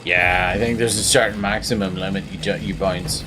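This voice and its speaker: A man's voice: sits low, fairly even intonation, brisk. A man with a Belfast accent giving rambling, self-mocking commentary while playing a video game. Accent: Northern Irish, Belfast. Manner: rambling, self-mocking, bursts into silly noises. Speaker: game streamer. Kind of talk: gameplay commentary.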